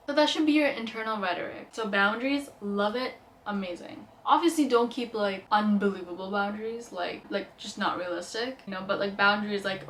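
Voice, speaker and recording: A woman's voice: medium pitch, brisk, hardly any pauses, a bit bright, a little hiss or hum. A young woman vlogger giving casual, earnest self-help advice, chatty and full of fillers. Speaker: lifestyle vlogger. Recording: roomy echo, mic at a distance.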